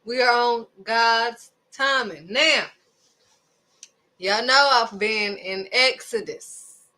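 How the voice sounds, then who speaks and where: A woman's voice: on the high side, slow, sharp tone. A woman hosting a devotional video, preaching casually and emphatically, firing off rhetorical questions. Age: adult, raising children.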